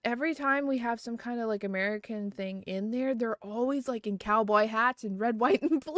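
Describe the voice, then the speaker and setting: A woman's voice: fairly high pitch, brisk, few pauses, fairly bright tone, dry recording, clean studio sound. A woman streaming live, chatting casually and giggling often, with lots of fillers.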